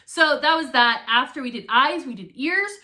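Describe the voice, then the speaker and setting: A young woman vlogging, chatty and animated as she tells a story and acts out her own nervous reactions. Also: high voice, moderate pace. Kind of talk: casual storytelling to camera.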